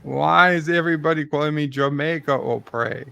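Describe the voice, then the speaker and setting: A man on a stream, putting on an exaggerated Russian accent as a boastful, deadpan Soviet comrade. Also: on the high side, moderate pace, vocal fry, smooth, dry recording. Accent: put-on Russian. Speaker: stream host. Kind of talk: comedic bit on a casual stream.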